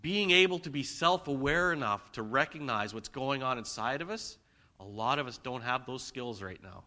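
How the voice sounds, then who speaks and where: A man preaching a conversational sermon in church, swinging between loud emphasis and quiet asides. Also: medium pitch, lively intonation, moderate pace. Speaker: pastor.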